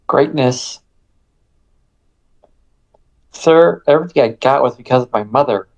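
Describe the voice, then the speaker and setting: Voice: mid-range voice, a little fast, creaky, lo-fi sound, natural voice. A player voicing a young, self-doubting starship officer who is flustered and unsure. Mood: exasperated.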